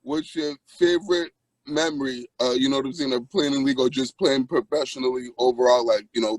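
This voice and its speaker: A man co-hosting a sports podcast, asking questions in a halting, casual way. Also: mid-range voice, no room sound, rough recording. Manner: halting, many fillers and restarts. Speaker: podcast co-host.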